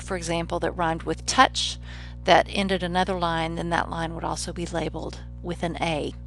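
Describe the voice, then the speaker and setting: A woman professor giving a recorded lecture on poetry, explaining in a measured way and slowing down to read poem lines aloud. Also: fairly low pitch.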